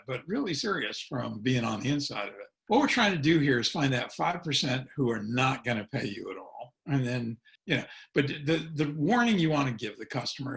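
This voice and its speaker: Gravelly-voiced folksy man giving a presentation. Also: medium pitch, fairly bright tone. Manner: folksy, chuckling, peppers talk with "okay?"; acts out sample phone dialogue. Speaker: consultant and educator presenting. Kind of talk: webinar presentation.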